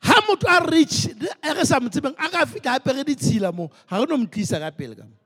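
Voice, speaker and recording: A male pastor delivers an emphatic sermon in a very high voice, mixing Sesotho and English. He drives each point home with strong emphasis. His voice hangs in the long reverb of a church hall. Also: animated, quick pace, few pauses, a bit bright.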